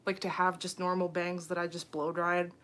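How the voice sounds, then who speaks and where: A woman's voice: on the low side, flat delivery, normal speed, a bit bright, slight background noise. A young woman talks casually into her phone on a late-night livestream. She sounds a little tired, rambles easily and breaks into small laughs between her thoughts. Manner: chatty, giggly, heavy on fillers like "um" and "like". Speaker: YouTuber hosting a livestream. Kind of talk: casual livestream chat reading comments.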